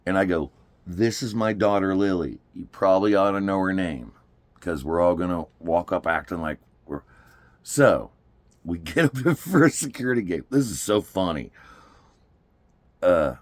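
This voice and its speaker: Deep guy telling a story, voice swings all over, laughs a lot, dry close sound. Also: moderate pace, no echo. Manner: animated, laughing often, acts out quotes. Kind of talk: casual storytelling.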